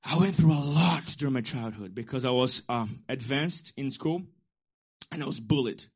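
A man's voice: medium pitch, normal speed, husky. Emphatic preaching man, dull lo-fi sound. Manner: emphatic preaching with sudden loud peaks and quiet asides. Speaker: pastor. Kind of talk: sermon.

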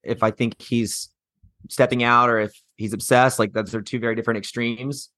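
A man's voice: mid-range voice, steady tone, normal speed, bright, forceful tone, no echo. Man on a podcast, dry close sound. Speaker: podcast co-host. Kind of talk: casual chat.

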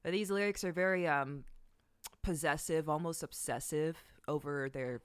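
A woman's voice: low-pitched, moderate pace, clean tone, dry recording. A woman co-hosting a casual podcast, talking bluntly and swearing offhandedly. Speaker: podcast co-host.

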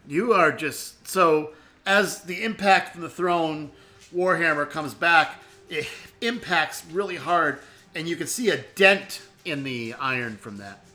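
Male game master, bright forceful voice, higher pitch, halting delivery. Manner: hesitant, restarts often. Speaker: dungeon master. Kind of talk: narrating a tabletop game.

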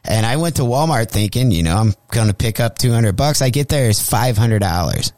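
A male comedian from St. Louis telling a crude story on a radio show, profane and animated, acting out the voices in his tale. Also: mid-range voice, brisk, dry recording. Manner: profane, animated, acts out quotes. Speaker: comedian guest.

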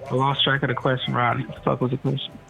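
A man's voice: mid-range voice, monotone, racing, creaky, a bit bright, faint music behind, rough recording. A man speaking as a photographer guest in a casual interview, laid-back and blunt, swearing casually.

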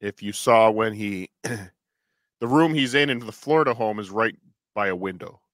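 Wry co-host man, bright voice. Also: on the low side, unhurried, dry recording, studio quality. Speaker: podcast co-host. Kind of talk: casual livestream chat.

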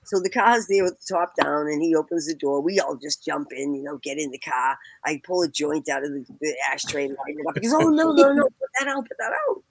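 A woman's voice: a little fast, few pauses, husky, dry recording, rough recording. A woman telling a personal story with animation, acting out the people she quotes and laughing as she goes. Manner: acts out quoted people with big pitch jumps, laughs while talking.

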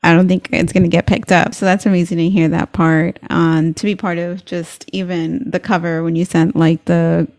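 A woman's voice: fairly low pitch, level tone, normal speed, few pauses, darkish tone, dry recording. Encouraging woman host, dry close sound. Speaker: interview host. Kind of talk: casual interview chat.

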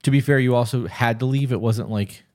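A man co-hosting a podcast, talking calmly and reassuringly with his partner about a recent argument. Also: mid-range voice, a little fast. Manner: calm, reassuring, talks through feelings. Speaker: podcast co-host. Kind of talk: casual conversation between partners.

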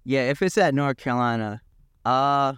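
A man's voice: medium pitch, normal speed, a bit bright, smooth, dry recording, clean studio sound. A man co-hosting a sports podcast in casual chat, emphatic and given to repeating his points, with frequent restarts. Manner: emphatic, repeats key words, restarts often. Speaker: podcast co-host.

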